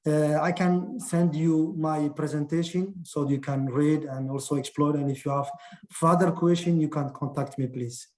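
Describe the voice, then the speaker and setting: A man from Djibouti speaks English with a French accent, pausing and restarting his phrases. His voice sounds dark and mellow. It comes through a video call in an echoey room. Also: on the high side, steady tone. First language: not English. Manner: halting, many restarts and fillers. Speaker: military officer giving a talk. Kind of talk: casual Q&A answer on a video call.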